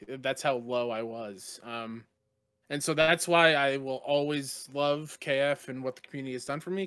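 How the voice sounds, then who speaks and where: A man's voice: mid-range voice, fairly bright tone, clear, resonant tone, dry recording. A man talking as a guest on a podcast, earnest and heartfelt, from Long Island, New York. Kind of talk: casual podcast chat.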